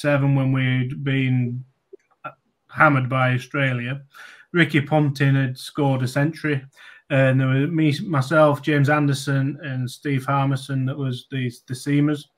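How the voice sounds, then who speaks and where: A man's voice: medium pitch, level tone, a little slow. A man in his forties, a former sportsman, telling casual anecdotes with lots of ums, restarts and laughs. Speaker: guest, former cricketer. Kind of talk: casual interview storytelling.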